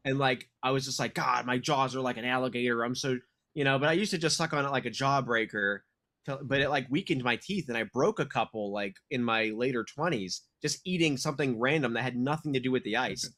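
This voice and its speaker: A man in his thirties co-hosting a podcast, telling a long story in loose casual chat. His voice sits at an ordinary middle pitch, and he swears freely and trails into laughs as he rambles on. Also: fairly quick, sharp tone. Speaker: podcast co-host.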